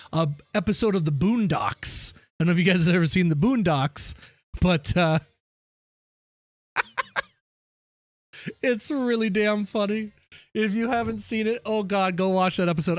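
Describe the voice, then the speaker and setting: A man's voice: sits high, dry recording. Chatty, opinionated male game streamer. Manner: chatty and opinionated, rants with slangy asides. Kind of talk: casual live-stream chat with viewers.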